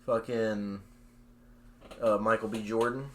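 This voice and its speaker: A relaxed man, trading loose banter as co-host of a small podcast. He swears often and keeps dropping dude and bro. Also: on the low side, takes it slowly. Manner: laid-back, swears a lot, says dude and bro.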